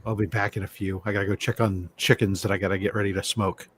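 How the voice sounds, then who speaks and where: A man's voice: fairly low pitch, little pitch movement, quick pace, fairly bright tone, slight background noise. A man chatting casually on an online panel, making dry jokes. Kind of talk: casual online hangout chat.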